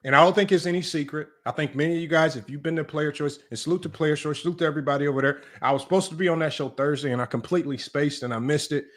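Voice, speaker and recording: A man's voice: on the high side, rapid-fire, few pauses. A man hosting a livestream sports talk show, emphatic and repetitive, tossing in "right?" and "y'all" as he argues a point. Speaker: sports channel host.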